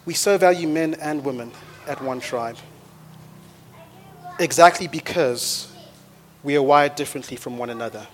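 A man in his thirties preaches a sermon to his congregation in a church auditorium. His voice sits fairly high for a man, and his lively storytelling keeps climbing into loud, rousing exhortation. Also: normal speed, pauses often, slight background noise. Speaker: pastor.

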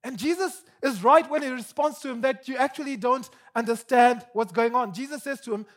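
A male preacher with a strikingly high voice delivers his sermon with lively, emphatic energy. He drops soft and low for asides, then climbs in pitch and volume when he presses a point, stumbling over repeated words. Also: a little fast, few pauses.

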